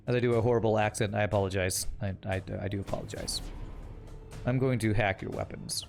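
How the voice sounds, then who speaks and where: A man's voice: lowish voice, fairly even intonation, fairly quick, gravelly, soft background music. A young man streaming a game, casually commenting on play and teasing his chat in a wry way. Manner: wry, teasing, talks to chat while playing.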